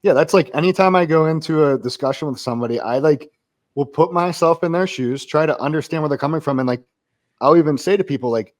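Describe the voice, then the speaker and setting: A man who is a former Marine, a podcast guest speaking in casual conversation, blunt, profane and quick to laugh. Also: fairly high pitch.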